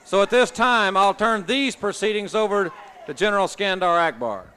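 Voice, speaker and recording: A man working as a ring announcer, making formal, booming announcements. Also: moderate pace, bright, forceful tone. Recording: noisy old TV broadcast with crowd.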